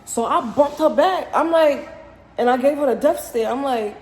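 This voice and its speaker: A young woman with a New York accent telling a profane, animated storytime, full of slang. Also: high voice, moderate pace, reverberant, big-room sound, poor audio. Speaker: vlogger. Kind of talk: casual storytime.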